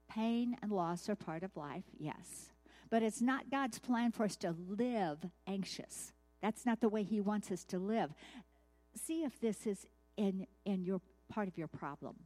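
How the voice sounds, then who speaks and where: A woman's voice: mid-range voice, dark tone. Conversational woman giving a sermon. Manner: conversational, asks the listeners questions. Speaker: Bible teacher. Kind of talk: devotional sermon.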